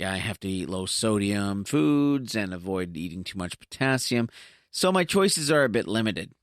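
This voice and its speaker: A man's voice: mid-range voice, fairly bright tone, no room sound, studio quality. A man hosting his own podcast, talking casually in a chatty, self-deprecating way with joking asides. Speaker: podcast host. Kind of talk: casual solo podcast monologue.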